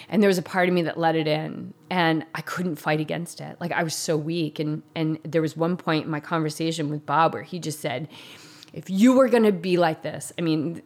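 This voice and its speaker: A woman with a somewhat low voice tells a personal story in candid, casual conversation. She talks earnestly and emotionally, often restarting sentences and leaning on "like" as she goes.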